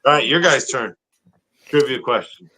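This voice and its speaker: A man co-hosting a casual live horror-movie chat, enthusiastic and quick to laugh. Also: medium pitch, pushed and bright, poor audio. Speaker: co-host.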